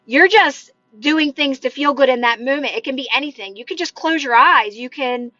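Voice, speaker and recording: Her voice is high-pitched, sharp in tone, and moves at a moderate pace as she chats casually on a livestream, coaching viewers on manifestation and answering their comments. She's encouraging, gestures with her hands, and fills her talk with "like." Recorded on a phone, the audio is dull and dry, with soft music behind her.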